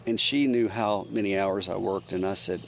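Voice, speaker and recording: A man in his sixties speaking in a measured, thoughtful way during a casual chat. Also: low voice, fairly even intonation, gravelly, slight background noise. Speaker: guest, brother. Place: mountain cabin.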